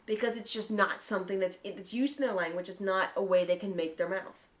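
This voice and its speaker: A woman co-hosting a podcast, chatting casually with a mid-range voice. She talks in an animated way and swears freely. She launches into long, eager explanations. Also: medium pitch, brisk. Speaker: podcast co-host. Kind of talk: casual chat.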